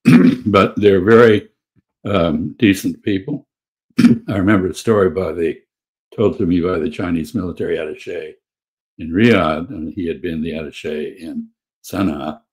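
A former ambassador speaks in a very deep, husky voice. He is measured and hesitant, pausing on fillers as he recounts stories in a casual discussion.

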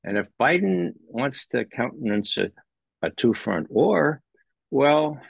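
A man commenting as a guest in an interview, animated and sardonic, rising sharply in pitch when he stresses a point. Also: slow, creaky, pauses often, breathy edge, no room sound. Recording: dull lo-fi dry sound.

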